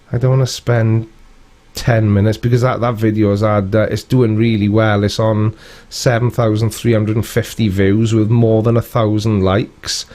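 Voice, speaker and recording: A British man hosting a relaxed live stream, his voice low and warm. He talks in a loose, chatty way, greeting viewers and answering their comments with a dry, wry edge. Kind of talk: casual live-stream chat.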